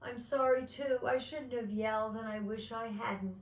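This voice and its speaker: A woman's voice: fairly high pitch, fairly even intonation, normal speed, echoey room, far from the mic, a little hiss or hum, close to an everyday voice. Woman doing a sing-song exasperated mother. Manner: gentle, sing-song scolding. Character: patient mother of a pesky little girl.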